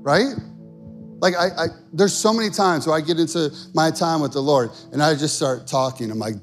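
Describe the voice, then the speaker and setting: A man's voice: a little high, normal speed, faint music behind. A male pastor preaching a sermon in an earnest, conversational way.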